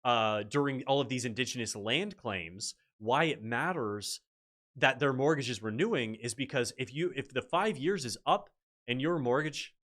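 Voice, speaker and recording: A man's voice: mid-range voice, normal speed. A man hosting a casual livestream, telling stories with animation and answering chat. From Canada. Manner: animated storyteller reading chat aloud. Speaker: livestream host.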